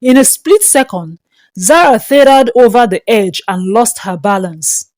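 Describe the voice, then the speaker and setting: A woman, narrating a dramatic folktale in a steady, scripted storytelling manner. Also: on the high side, a little slow, no echo.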